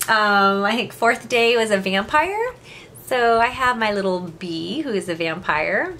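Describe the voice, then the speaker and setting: Woman, 30s, home craft vlogger; bright, chatty, giggly, self-deprecating, recorded on a camera mic with faint hiss. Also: medium pitch, animated, unhurried. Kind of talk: casual chat.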